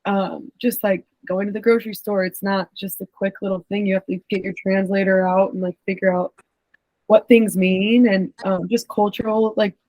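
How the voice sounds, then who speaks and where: A woman's voice: medium pitch, steady tone, moderate pace, a little mellow, dry recording, low-quality recording. A young woman co-hosting a podcast, chatting casually and rambling with frequent "like" fillers. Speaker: podcast co-host, former pro soccer player.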